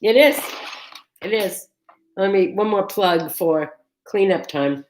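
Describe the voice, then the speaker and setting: A woman's voice: mid-range voice, slow pace, slight background noise. A middle-aged woman hosting her own vlog, talking to viewers in a chatty, upbeat way and often restarting her phrases. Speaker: vlog host. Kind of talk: casual chat to camera.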